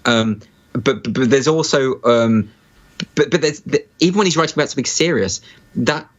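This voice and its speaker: Halting man chatting on a lo-fi call. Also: medium pitch. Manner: halting, many restarts and fillers. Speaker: guest. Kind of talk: casual conversation. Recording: dull lo-fi sound.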